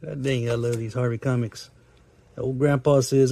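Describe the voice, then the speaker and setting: A man's voice: mid-range voice, slow pace, vocal fry, long pauses, no echo. A man reading comic strips aloud in a folksy, chuckling way. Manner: chuckling, folksy, reads lines in put-on voices. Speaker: comic reader host.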